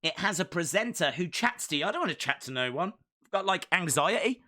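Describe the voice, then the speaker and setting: A man hosts a casual live watch-along and answers viewer comments in a loose, jokey ramble. His voice is bright and a touch higher than most men's, and he keeps it chatty and informal. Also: sing-song, fairly quick. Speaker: live stream host.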